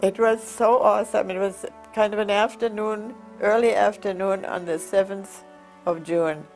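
An older woman from Germany, earnestly recounting her past, pausing and restarting as she remembers. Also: mid-range voice, steady tone, a little mellow, soft background music. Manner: earnest, heartfelt recollection with halting restarts. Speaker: survivor giving testimony. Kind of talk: personal storytelling.

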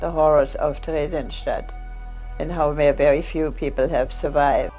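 An older woman from Germany, earnestly recounting her past, pausing and restarting as she remembers. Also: deep voice, fairly even intonation, mellow, faint music behind. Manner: earnest, heartfelt recollection with halting restarts. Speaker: survivor giving testimony. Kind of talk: personal storytelling.

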